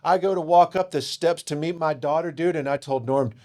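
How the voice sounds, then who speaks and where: A man guest on a podcast, telling an emotional personal story, who swings from loud and animated to hushed and tearful and swears casually. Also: fairly high pitch, fairly quick. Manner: swears casually, calls listeners dude.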